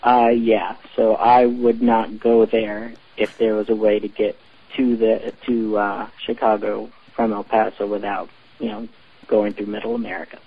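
A man's voice: lowish voice, unhurried, vocal fry, slightly rough. A man leaving a matter-of-fact voicemail for a podcast as a caller. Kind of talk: voicemail message. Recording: dull lo-fi phone voicemail.

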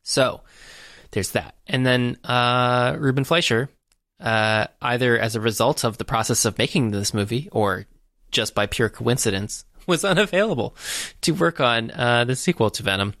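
A man's voice: mid-range voice, moderate pace, a bit bright, no room sound, clean studio sound. A man co-hosting a podcast, casually retelling a movie's plot in a rambling way, full of uhs and restarts. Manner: rambling, filler-heavy storytelling. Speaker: podcast co-host. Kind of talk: casual movie recap chat.

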